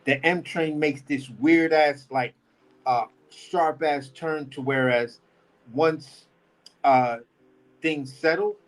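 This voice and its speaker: A man's voice: a little high, fairly even intonation, slow, poor audio. Slangy New man telling a story. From New York. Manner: slangy, rambling, talks with energy. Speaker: podcast guest. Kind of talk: casual storytelling.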